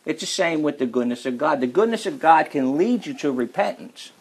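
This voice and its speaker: A man preaching a sermon, emphatic, repeating key phrases and slowing right down to stress his points. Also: a little high, expressive, husky.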